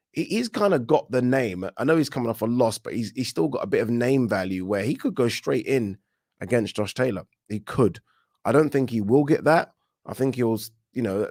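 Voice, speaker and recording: A man hosting a casual livestream, reading out viewer comments and giving animated, opinionated takes with frequent restarts. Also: lowish voice, dry recording, clean studio sound. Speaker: boxing channel host.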